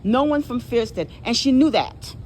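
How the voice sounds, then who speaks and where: A woman's voice: a little high, lively intonation, moderate pace, darkish tone, slight background noise, rough recording. A tired woman walking with a cane outdoors among housing buildings, vlogging on her phone and indignantly repeating her complaints. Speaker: public housing tenant. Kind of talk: casual vlog filmed on a phone. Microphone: handheld phone.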